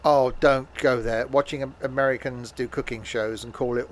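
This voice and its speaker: A man chats casually with his live-stream viewers while he plays a game, tossing out wry asides. His mid-range voice moves at a moderate pace with hardly any pauses. The audio is poor, with steady background noise.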